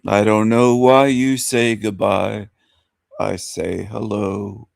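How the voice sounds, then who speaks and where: Gravelly-voiced man hosting a live stream. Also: on the low side, level tone, takes it slowly, dry recording, studio quality. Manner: repeats greetings, coaxing silent viewers. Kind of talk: casual live stream chat. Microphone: desk mic.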